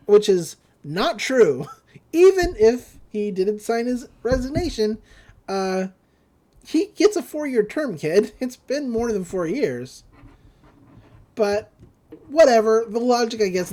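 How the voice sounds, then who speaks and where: A woman hosting a podcast, recapping a cartoon episode in casual chat, with frequent laughs and quick quoted asides. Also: medium pitch, animated, warm tone. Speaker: podcast host.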